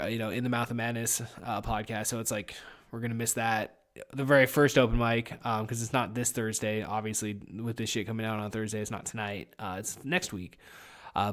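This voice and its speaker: A man's voice: mid-range voice, a bit bright. A young man hosting a podcast in casual, rambling solo chat, swearing constantly and getting over a head cold. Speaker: podcast host.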